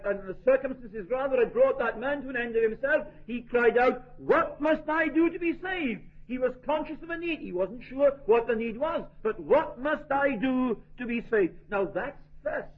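Over a tinny, lo-fi recording that sounds like a phone, a man with a high, slightly rough voice preaches a sermon. He is earnest and emphatic and poses rhetorical questions.

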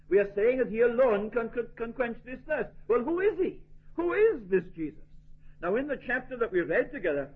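A man's voice: very high voice, breathy edge. A man preaching a sermon in an earnest, emphatic way, asking rhetorical questions. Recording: tinny phone-like lo-fi recording.

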